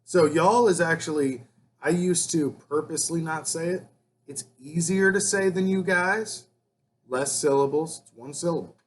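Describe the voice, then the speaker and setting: A man's voice: fairly high pitch, moderate pace, a little hiss or hum. A man from New York raised in Virginia, co-hosting a casual sports chat with dry, teasing remarks.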